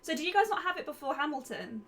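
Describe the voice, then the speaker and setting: A woman co-hosting a podcast in casual chat, lively and quick to laugh. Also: high-pitched, a crowd in the background. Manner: lively, chatty, laughs often. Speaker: podcast co-host. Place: home. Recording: faint background noise.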